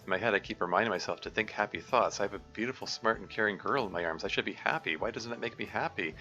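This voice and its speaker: A man reading his own visual novel aloud in a low, subdued first-person narration. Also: fast, sharp tone. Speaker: mod developer reading his game. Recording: dull lo-fi sound, faint music.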